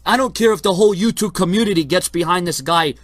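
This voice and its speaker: A man's voice: high-pitched, quick pace, no echo, studio quality. A man cutting a boastful, taunting wrestling-style promo rant. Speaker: YouTuber in a played clip.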